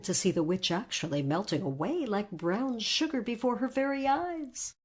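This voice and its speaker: A woman narrating a storybook aloud in an expressive read-aloud manner. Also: mid-range voice, moderate pace, few pauses, slightly rough.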